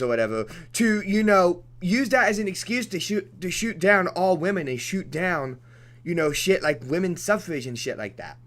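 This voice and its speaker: Young man, streamer, profane rambling rant, restarts sentences, pitch swinging widely, fairly high voice. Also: lively intonation, moderate pace, a bit bright. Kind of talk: off-topic rant during a let's play.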